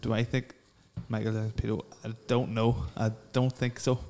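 A man's voice: lowish voice, little pitch movement, moderate pace, a little mellow, a little hiss or hum. A young man in casual chat, teasing and blunt, swearing often.

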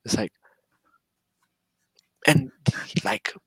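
A man's voice: extremely slow, dry recording, poor audio. A man with a London accent, chatting casually as an interview guest in a laid-back, slangy, rambling way. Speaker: guest, drifter.

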